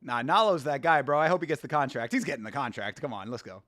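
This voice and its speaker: A man in his thirties hosting a casual watch-along, excitable, slangy and laughing often. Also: medium pitch, quick pace. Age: 30s. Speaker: host.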